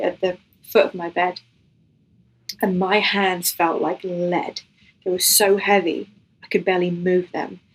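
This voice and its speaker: A woman's voice: lowish voice, breathy edge, rough recording. A woman giving a personal faith testimony as a guest, telling her story in an earnest, emotional way and acting out what was said.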